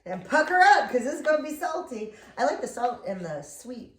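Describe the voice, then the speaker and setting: A woman's voice: fairly high pitch, very animated, moderate pace. A woman from Chicago co-hosting a casual home cooking demo, reading the recipe aloud in a chatty, giggly way with small stumbles. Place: home kitchen. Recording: echoey kitchen with background noise.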